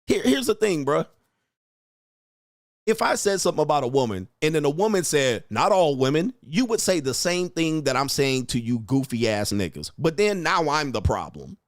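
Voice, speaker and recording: Reading his chat during a livestream, this young host rants in a crude, taunting, combative way and laughs a lot. He talks at a moderate pace in a very animated, higher voice, recorded cleanly in a studio with no echo.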